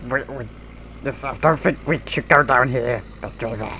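Giggling his way through casual gameplay commentary, this creator puts on a silly voice to poke fun at a game character. His medium-pitched voice is pushed and bright at a moderate pace, with a little hiss or hum in the recording.

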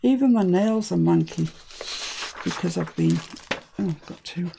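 A woman's voice: on the low side, a little slow, creaky, dark tone, a little hiss or hum. A British woman hosting a crafting tutorial, chatting and thinking aloud as she works. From United Kingdom.

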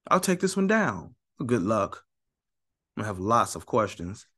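A man's voice: medium pitch, huge pitch swings, a little slow, fairly bright tone. Heated commentary guy, sarcastic, keeps repeating himself, voice all over the place. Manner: emphatic, repeats points, addresses viewers directly. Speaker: religious commentary host. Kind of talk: heated talk-to-camera commentary.

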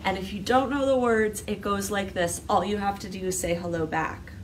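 A woman's voice: medium pitch, fairly even intonation, normal speed. A woman working as a children's librarian, who leads storytime in a cheerful, sing-song manner and coaxes the children along. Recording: distant mic with background noise.

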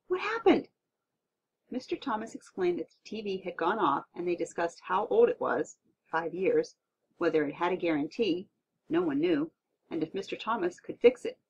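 A woman narrating a children's audiobook in a playful, expressive way, on a dull, lo-fi recording. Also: lowish voice, slight background noise.

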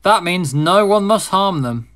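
A man's voice: high voice, expressive, measured pace, fairly bright tone, smooth. A man doing a patient, kindly engine driver. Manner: patient, explaining.

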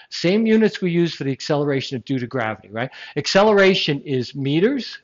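In a classroom full of students, a science lecturer teaches with animated emphasis, posing rhetorical questions and slipping in jokes. The voice is mid-range, and the recording sounds dull and lo-fi, as if made in the lecture room.

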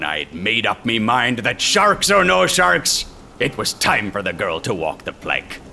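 A man narrating a comic short story in the first person as a gruff pirate, using pirate grammar with dry comic timing. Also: sits low, sharp tone, a little hiss or hum.

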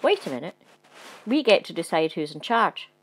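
A woman voicing a clever, excited dog in a storybook reading, insistent and eager. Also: lowish voice, normal speed, breathy edge.

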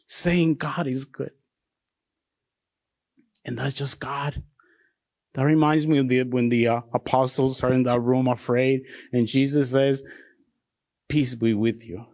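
A man's voice: mid-range voice, a little mellow, dry recording. A middle-aged man from Mexico, giving an earnest, heartfelt sermon as a deacon. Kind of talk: testimony sermon.

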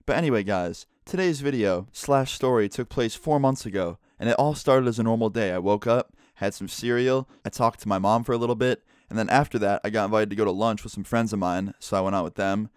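Young male vlogger, casual storyteller, smooth clear voice, dry close sound, lowish pitch. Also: a little fast, hardly any pauses, dry recording. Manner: relaxed, chatty, lots of "like".

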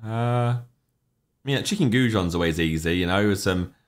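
A man's voice: fairly low pitch, moderate pace. A young man, casually chatting on a livestream, rambling and reacting to chat messages with offhand opinions.

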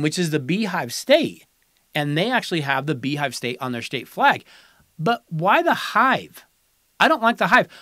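A man's voice: a little high, a bit bright, no room sound, studio quality. A man hosting a podcast, giving casual, sarcastic and dismissive opinion commentary. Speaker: podcast host.

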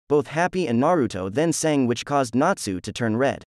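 A man narrates a fan story in a plain, even reading. His voice sits at an ordinary middle pitch, and the sound is dry and close to the mic. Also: moderate pace, hardly any pauses, dry recording.

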